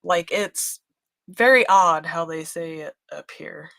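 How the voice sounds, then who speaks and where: A woman's voice: low voice, slow pace, creaky, fairly bright tone, no room sound, clean studio sound. A woman from West Virginia with an Appalachian accent, a craft host chatting casually and folksily while she works, laughing often.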